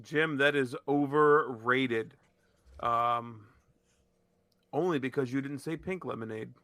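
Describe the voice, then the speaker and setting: Bright-voiced, blunt guy from Pennsylvania. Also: mid-range voice, slow, no echo. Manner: blunt, joking, swears. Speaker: podcast co-host. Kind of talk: casual chat.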